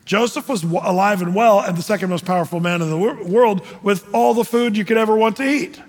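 A man preaching a sermon with a high-pitched voice, chatty and questioning, tossing questions to the congregation between ums and uhs. Long reverb trails off his words in the hall. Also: brisk. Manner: conversational, questioning the audience, frequent fillers. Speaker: pastor.

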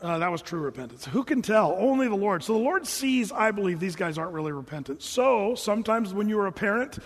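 A man preaching a sermon as a pastor, conversational and lively, slipping into the voices of people he quotes. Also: high voice, brisk, breathy edge, in a large hall.

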